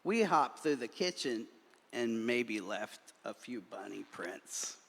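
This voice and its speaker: A male minister reading a children's story aloud in a church, doing animated voices for the characters. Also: mid-range voice, slow pace, creaky. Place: church sanctuary. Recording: long reverb of a large hall.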